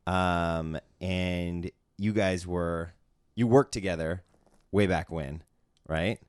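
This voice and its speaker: Man, podcast host, very low voice, dry close sound, casual chat. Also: slow pace, clear, resonant tone, no echo. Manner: relaxed, chatty, many fillers.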